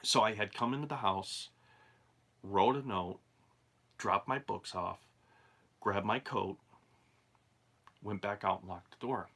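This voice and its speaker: A man's voice: fairly low pitch, slow, pauses often, a bit bright. A man telling a true haunted-house story in a rambling, conversational way, full of asides. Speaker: channel host and storyteller. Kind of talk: casual spoken true ghost story.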